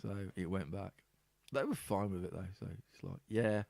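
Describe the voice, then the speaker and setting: A man's voice: deep voice, moderate pace, creaky, darkish tone, no room sound. A man with an East Midlands accent, hosting a podcast in casual, laughing chat. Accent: East Midlands English. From Middle England. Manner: chatty, laughs often, swears casually. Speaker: podcast host.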